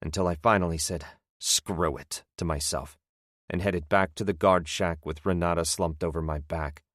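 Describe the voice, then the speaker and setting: A man narrating a first-person thriller audiobook in a measured, tense way. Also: low-pitched, fairly even intonation, no room sound, clean studio sound.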